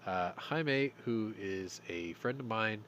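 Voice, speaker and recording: A man's voice: lowish voice, lively intonation, slow, a bit bright, a little hiss or hum. A middle-aged man hosting a live-stream news talk show, casual and rambling, swearing freely. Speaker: host.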